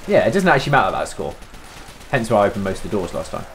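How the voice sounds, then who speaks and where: A man's voice: lowish voice, big pitch swings, very fast, fairly bright tone, a little hiss or hum. A man chatting while gaming with friends, bossy and teasing. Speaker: gamer. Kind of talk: casual gaming chat.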